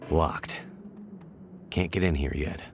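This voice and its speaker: A man's voice: very deep voice, slow, darkish tone, a little hiss or hum, full character voice. An actor voicing a weary male wilderness survivor in a video game, with terse, matter-of-fact remarks. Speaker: game player character. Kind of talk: game character voice lines.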